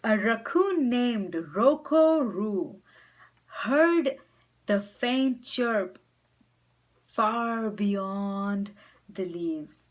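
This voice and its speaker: A woman teacher reading a storybook aloud to children, expressive and speaking directly to them. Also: medium pitch, very slow, long pauses, poor audio.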